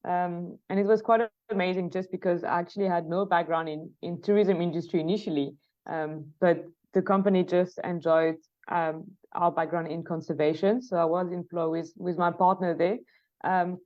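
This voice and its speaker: A woman's voice: fairly low pitch, lo-fi sound. A woman from France with a French accent, speaking as a guest researcher in a podcast interview, with many fillers and restarts and easy laughter.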